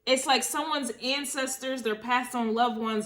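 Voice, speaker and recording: A woman reads tarot cards in a loose, casual monologue, her voice sitting a bit high. She sounds emotional and circles back over her words as she thinks aloud, now and then swearing. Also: steady tone, unhurried, fairly bright tone. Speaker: tarot reader.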